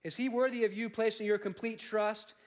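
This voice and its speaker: A man preaching with a fairly high voice, casual and jokey, who keeps checking in with his listeners. The sound carries a long reverb from the church sanctuary. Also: steady tone, fairly quick. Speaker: pastor. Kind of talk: sermon.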